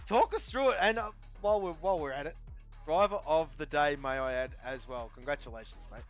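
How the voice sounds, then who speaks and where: A man's voice: fairly high pitch, a little fast, soft background music. A man hosting a sim racing league's post-race interviews, upbeat and chatty with friendly banter and repeated stock phrases. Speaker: league host interviewing drivers.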